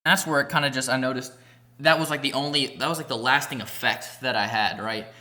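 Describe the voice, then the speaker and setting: A young man tells a rambling story for his vlog. He talks casually and profanely, piling up filler words as he goes. His voice sounds bright and pushed forward. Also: medium pitch, fairly even intonation, brisk. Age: young adult. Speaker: vlogger.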